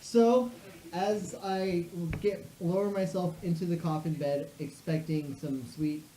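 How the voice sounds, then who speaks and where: A woman's voice: fairly low pitch, steady tone, mellow, roomy sound, a little hiss or hum, poor audio. A woman improvising a comic story, laughing as she goes. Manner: slow, laughing as she talks.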